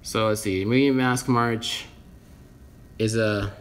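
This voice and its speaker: This American man has a lowish, steady voice and talks slowly, with a slight hiss or hum on the recording. In a casual vlog, he rants his opinions to camera, rambling bluntly and cursing nonstop.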